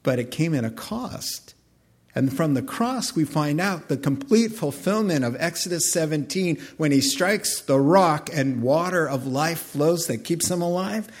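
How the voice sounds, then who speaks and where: Husky-voiced male preacher. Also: fairly high pitch, a little slow. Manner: animated storytelling preacher, acting out scenes. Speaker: pastor. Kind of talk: sermon.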